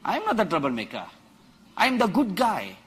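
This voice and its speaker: A man preaching a sermon to a conference crowd, quoting scripture dramatically and rising to emphatic shouts. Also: sits high, huge pitch swings, brisk, a little hiss or hum. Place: large conference hall.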